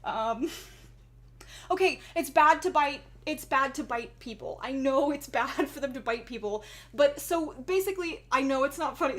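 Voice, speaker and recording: Giggly high-voiced young woman streamer. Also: animated, unhurried. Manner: giggly, chatty, often breaks into laughter. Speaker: livestreamer. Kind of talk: casual livestream chat with viewers.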